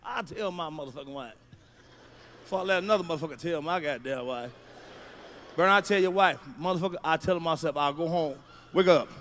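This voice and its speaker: Middle-aged man, stand-up comic, high voice, rowdy and profane, faint hum of the room behind. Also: a little fast, long pauses. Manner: loud, profane, swings to shouting. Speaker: stand-up comedian. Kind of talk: stand-up routine.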